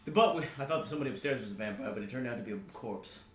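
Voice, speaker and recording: A fast-talking man cracking wry jokes as a tabletop player, his voice swinging widely in pitch. He sounds roomy and echoey, with clear noise under the line. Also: expressive, over a noisy crowd. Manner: quick, wry, joking. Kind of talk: tabletop role-play banter.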